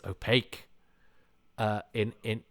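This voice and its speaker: A man hosting a podcast, giving rambling, self-deprecating commentary with animated asides. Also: on the low side, takes it slowly. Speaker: podcast host. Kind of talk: casual commentary.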